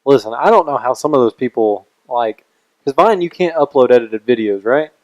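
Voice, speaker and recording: A man's voice: medium pitch, animated, moderate pace, a little mellow. A young man co-hosting a podcast, chatting casually in an earnest, rambling way. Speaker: podcast co-host. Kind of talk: casual chat.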